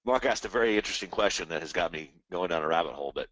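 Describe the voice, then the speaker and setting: A man's voice: low voice, animated, rapid-fire, fairly bright tone, dry recording. A man hosting a live trading stream, rambling casually and animatedly about markets and the economy, now and then mimicking other people's voices. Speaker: trading webinar host.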